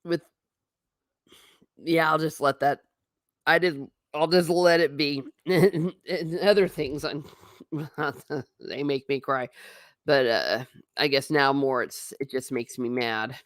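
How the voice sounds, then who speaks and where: A woman's voice: low-pitched, slow, pauses often, no room sound. Chatty woman with a dry close sound. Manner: rambling, chatty, reacts to chat with laughs. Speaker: livestream host reading chat. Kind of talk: casual livestream chat.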